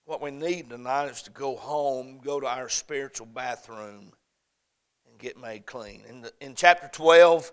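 A man preaching a sermon, swinging between loud emphatic peaks and soft, hushed lines, repeating phrases in a preaching cadence. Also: mid-range voice, unhurried, clean tone.

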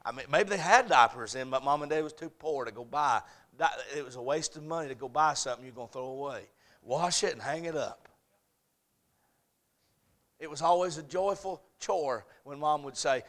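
High, bright-voiced preacher man. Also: moderate pace. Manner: swings from quiet asides to shouted preaching; folksy, humorous storytelling. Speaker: pastor. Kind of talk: sermon.

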